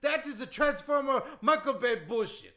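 A man's voice: extremely high pitch, expressive, normal speed, bright, forceful tone, pitched above the performer's own voice, heavily acted. A man doing an impression of a boastful older male wrestler who speaks broken English and talks crudely, as a comedy bit.

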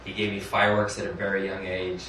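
A man's voice: low-pitched, monotone, fast talker, sharp tone. A man doing stand-up, telling a rambling, crude, self-deprecating story and chuckling through his lines. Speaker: stand-up comedian. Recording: echoey room from a distance, noisy.

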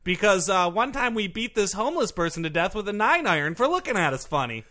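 A man's voice: sits high, very animated, fast, pushed and bright, exaggerated voice. A man playing a chipper psychopath golfer. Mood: breezy. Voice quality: breezy, chipper, matter-of-fact menace. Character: cheerful psychopathic golfer, man, middle-aged, boastful. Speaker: comedy guest. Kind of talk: improv comedy sketch.

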